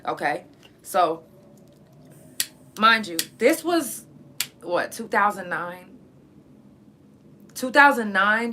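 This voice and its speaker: A woman's voice: mid-range voice, fairly bright tone, slight background noise. A woman, host of her own show, telling a personal story in a blunt, profane way, in pain and close to tears. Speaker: podcast host. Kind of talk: personal story, casual monologue.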